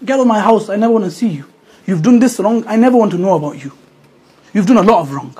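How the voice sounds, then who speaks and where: A man voicing a furious parent who scolds and disowns their child, shouting and repeating threats. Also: on the high side, animated, quick pace, slightly rough. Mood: cold. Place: mosque gathering.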